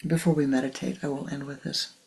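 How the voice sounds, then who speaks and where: An older spiritual teacher giving a measured talk before a meditation, often dropping into a soft whisper. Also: medium pitch, little pitch movement, gravelly, poor audio.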